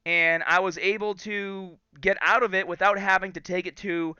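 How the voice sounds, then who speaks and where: A man in his thirties hosting a podcast, telling a story casually and in an animated way, acting out the quotes. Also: high-pitched, moderate pace, smooth, no room sound, dull audio. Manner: animated storyteller, acts out quotes and laughs often. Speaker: podcast host.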